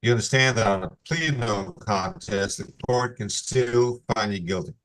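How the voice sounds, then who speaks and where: A man presiding as judge over a court hearing on a video call, reading legal warnings in a measured, formal cadence. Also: lowish voice, a bit bright.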